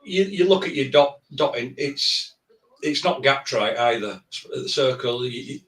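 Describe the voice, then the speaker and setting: Male co-host, measured critique voice, mid pitch, roomy and distant from the mic. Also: animated, a bit bright. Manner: measured, plain-spoken critique with hesitations. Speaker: tattoo artist and co-host. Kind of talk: live stream critique chat.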